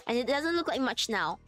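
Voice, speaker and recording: A woman's voice: sits high, fairly bright tone. A woman chatting casually while sewing on a live stream, laughing often and greeting her chat by name.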